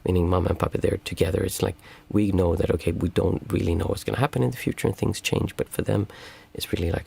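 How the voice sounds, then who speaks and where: Low, gravelly-voiced male meditation teacher. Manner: calm, reflective, halting. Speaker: meditation teacher and stream host. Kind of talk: livestream Q&A talk.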